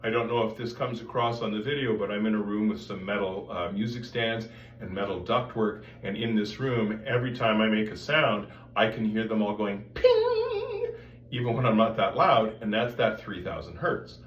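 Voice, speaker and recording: Low-voiced man teaching voice, echoey room. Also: steady tone, normal speed, a bit bright, recorded from a distance, dull audio, slight background noise. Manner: explains with sung vowel demonstrations. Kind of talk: casual spoken lesson. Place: room with music stands and metal ductwork.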